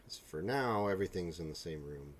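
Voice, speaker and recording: Man, 40s, extremely deep voice, easygoing self-mocking stream host chatting at his hobby desk. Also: animated, a little fast, a little hiss or hum. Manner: rambling, joking, self-deprecating asides. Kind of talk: casual chat while painting miniatures. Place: home hobby room with a printer and air purifier.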